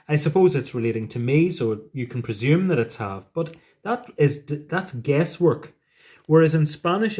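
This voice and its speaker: A man teaching a Spanish lesson, explaining patiently step by step with gentle asides. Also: on the high side. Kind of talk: recorded classroom lesson.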